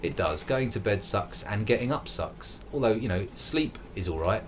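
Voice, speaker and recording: With lively intonation and a fairly low pitch, this English thirty-something talks at normal speed as he plays a game live and chats with his audience. He rambles in a playful way and launches into silly voices, all through lo-fi audio with a bit of hiss or hum.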